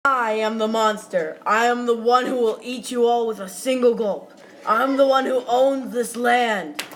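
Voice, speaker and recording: A woman voicing a huge, boastful, hungry male monster who makes slow, repetitive threats. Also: on the high side, lightly acted. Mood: menacing.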